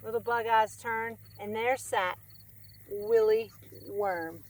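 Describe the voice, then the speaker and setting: A woman's voice: medium pitch, flat delivery, takes it slowly. A woman hosting a storytime who reads a children's picture book aloud, friendly and chatty. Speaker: storytime reader and host.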